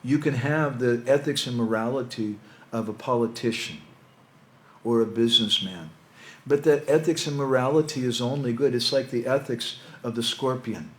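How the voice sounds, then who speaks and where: A man's voice: mid-range voice, moderate pace, a bit bright. Man giving a spiritual talk in an echoey hall. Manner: conversational, storytelling, with asides. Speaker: monk lecturer. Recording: echoey hall with faint ambience.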